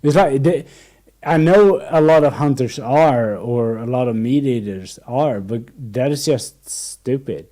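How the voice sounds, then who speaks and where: Rambling young man, mellow voice. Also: medium pitch, a little slow. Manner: rambling, many restarts, acts out anecdotes. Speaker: podcast host. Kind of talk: casual chat.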